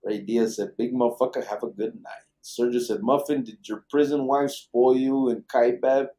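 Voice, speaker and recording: A man's voice: medium pitch, fairly even intonation, normal speed, mellow, a little hiss or hum. Profane laid-back man hosting a podcast. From Arizona. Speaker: podcast host. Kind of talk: late-night live podcast chat reading comments.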